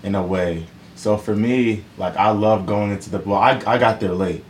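A man with a very deep voice talks loosely and casually, circling back with "you know" and "like" as he thinks aloud. A faint hiss of noise sits under his voice. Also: moderate pace. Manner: relaxed, rambling, many fillers and restarts. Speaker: professional football player guest. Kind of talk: casual interview answers.

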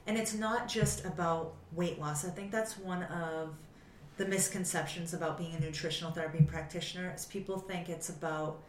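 A woman nutritional therapy practitioner explaining her work in casual conversation, earnest and quick to laugh. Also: fairly low pitch, slight background noise. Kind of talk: casual interview chat. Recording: echoey room, voice from a distance.

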